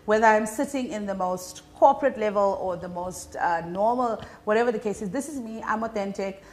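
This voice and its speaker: A woman with a South African Indian English accent, a comedian being interviewed, telling stories in an animated, chatty way with many fillers. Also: mid-range voice, a little fast. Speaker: comedian guest. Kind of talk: casual interview chat.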